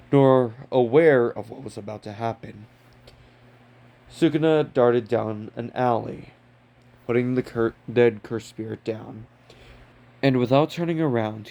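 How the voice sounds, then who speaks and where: A man's voice: medium pitch, vocal fry, warm tone. A man casually narrating a fan-made story, off the cuff and loose. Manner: casual, off-the-cuff, occasional swearing.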